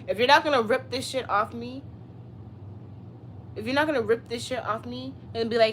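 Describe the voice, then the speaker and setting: A woman's voice: fairly high pitch, fairly even intonation, moderate pace, a bit bright, a little hiss or hum. A woman in her twenties chatting casually on a live stream, answering viewers with blunt, profane, sassy comebacks. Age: 20s. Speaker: livestreamer.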